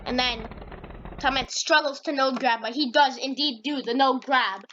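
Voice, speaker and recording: A woman's voice: sits high, normal speed, pushed and bright, highs cut off. A woman narrating a comedy game video in a rambling, hyped, slangy way. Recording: noisy with engine sounds.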